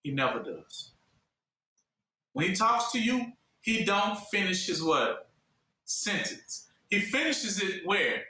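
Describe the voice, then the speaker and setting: Sharp-voiced man preaching in an echoey room. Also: high voice, big pitch swings, recorded from a distance. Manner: call-and-response questions, fill-in-the-blank pauses. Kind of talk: sermon teaching.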